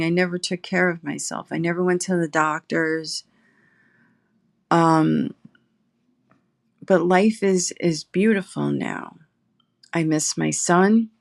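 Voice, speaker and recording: A middle-aged woman, a guest in recovery, telling her personal story slowly and reflectively, pausing often. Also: fairly low pitch, creaky, no room sound, studio quality. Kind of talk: emotional personal testimony. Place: her apartment.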